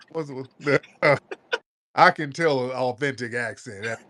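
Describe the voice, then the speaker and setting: A man hosting a call-in show, blunt and joking, scolding his callers in loud, casual talk. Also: mid-range voice, measured pace. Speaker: radio call-in host.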